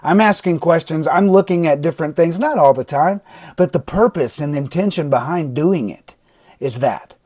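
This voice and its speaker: A man's voice: on the high side, animated, normal speed, dry recording. Blunt, intense recovery coach, man. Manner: blunt, swearing, intense; swings from shouting to quiet. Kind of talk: livestream talk to viewers. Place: indoors, livestream. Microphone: phone or webcam mic.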